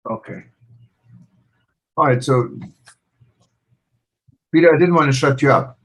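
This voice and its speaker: A man hosting a live online panel on a video call, making brisk housekeeping announcements. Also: fairly high pitch. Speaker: host.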